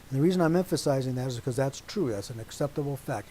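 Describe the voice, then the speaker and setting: A man preaching a teaching sermon to a congregation, deliberate and emphatic, stopping often to check that his listeners agree. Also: medium pitch, expressive, dark tone, slight background noise, poor audio.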